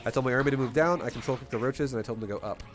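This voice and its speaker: A man giving casual, energetic commentary while he plays and teaches a strategy game, talking bluntly and swearing now and then. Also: medium pitch, racing. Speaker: gameplay coach.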